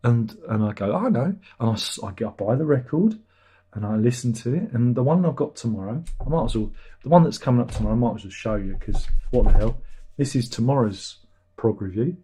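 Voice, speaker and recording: A man's voice: mid-range voice, fairly quick, warm tone, a little hiss or hum. A man hosting a casual livestream chat, rambling and self-deprecating. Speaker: livestream host.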